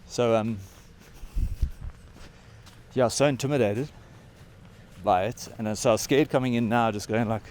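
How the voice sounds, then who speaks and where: A South African man in his thirties vlogs while hiking at altitude, out of breath and rambling with plenty of fillers. His voice sits at a middle pitch. Faint outdoor noise and a distant vehicle hum sit under his talk. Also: moderate pace, pauses often, a little mellow. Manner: rambling, loose, lots of fillers. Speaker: travel vlogger. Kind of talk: casual vlog chat while hiking. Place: outdoors on a high mountain trail.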